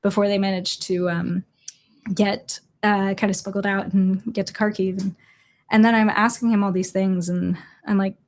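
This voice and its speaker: A young adult woman from Chicago, a journalist guest, telling a story in an earnest, halting way with quoted dialogue. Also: medium pitch, level tone. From Chicago, USA. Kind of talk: storytelling in a conversational interview.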